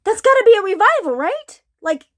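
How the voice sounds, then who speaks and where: Her voice is very high and animated, swooping up and down as this woman preacher moves fairly quickly through an informal sermon. She searches as she goes, repeats herself, and asks questions of those listening.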